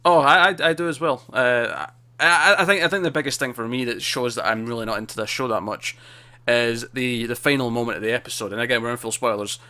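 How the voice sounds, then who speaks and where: A man chatting casually as co-host of a TV review show, with a voice sitting at an ordinary middle pitch. He rambles, repeats his words and restarts sentences while working through his thoughts. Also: fairly even intonation, fast, bright, forceful tone. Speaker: podcast co-host.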